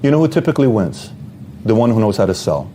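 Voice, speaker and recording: A man's voice: on the low side, very animated, fast talker, dark tone, slight background noise. A man giving a motivational talk, speaking directly to the viewer and firing off rhetorical questions.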